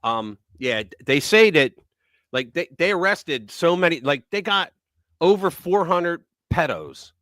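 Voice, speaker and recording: A man hosts a live news talk stream in a loose, mocking manner, now loud, now muttering. His pitch sits a little high and swings a lot. The sound is dry and close. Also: big pitch swings, measured pace, no echo. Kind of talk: casual opinion talk.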